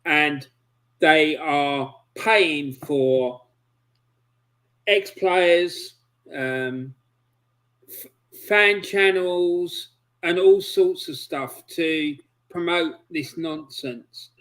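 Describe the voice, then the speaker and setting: A man's voice: on the high side, drawn-out words, pauses often, a bit bright, rough recording. A man hosting a football chat, speaking passionately and indignantly about his club. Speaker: show host. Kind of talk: opinionated chat.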